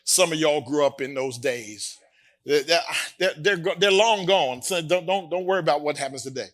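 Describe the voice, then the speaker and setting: A man preaching with a high, bright, ringing voice. He moves from easy storytelling into emphatic exhortation and slips in teasing, conversational asides to his congregation. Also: moderate pace. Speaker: pastor. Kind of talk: sermon.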